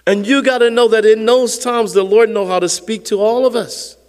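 An older male pastor delivers a sermon in a high voice that rings through the long reverb of a church sanctuary. He swings between forceful emphasis and soft, close murmurs, with a quick chuckle here and there. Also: fairly even intonation. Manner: emphatic preaching, drops to hushed prayer, chuckles.

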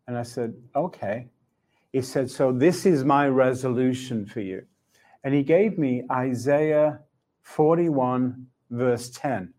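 A man's voice: medium pitch, takes it slowly, mellow. A middle-aged man sharing a personal testimony in conversation, reflective and laughing often as he acts out his dialogues with God. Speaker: Christian speaker.

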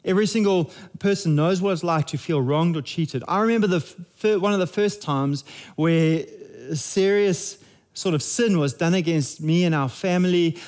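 A man's voice: a little high, a little mellow. A man, preaching a sermon in a conversational, jokey way with frequent restarts. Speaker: pastor.

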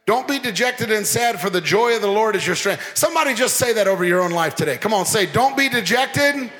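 A man preaching a lively sermon as pastor, joking and mimicking people as he talks. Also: high voice, fast talker. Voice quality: animated, playful, mimics people. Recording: long hall reverb.

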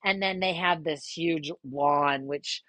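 A woman in her fifties casually telling a personal story, lively and swearing, jumping up in pitch when she quotes people. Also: takes it slowly, dry recording, rough recording.

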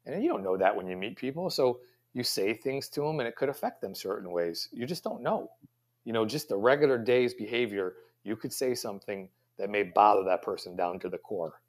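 A man's voice: lowish voice, lively intonation, fairly quick. A middle-aged man, a pastry chef guest, answering interview questions in a rambling, reflective way with many fillers and restarts.

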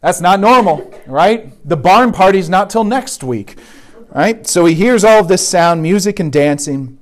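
A man's voice: high voice, animated, unhurried. A man giving a conversational sermon at a retreat, often checking in with "right?". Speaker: retreat speaker. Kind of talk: sermon talk.

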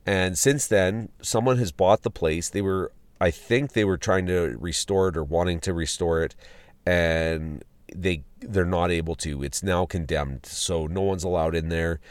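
The man's voice is low and clean, unhurried, captured in a dry recording. As a podcast host at a ghost town site outdoors, he casually rambles about a road trip, restarting sentences and using fillers.

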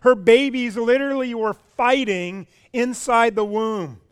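High-voiced pastor preaching a sermon. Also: male voice, a little slow, smooth. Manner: animated, asks the congregation questions, repeats words.

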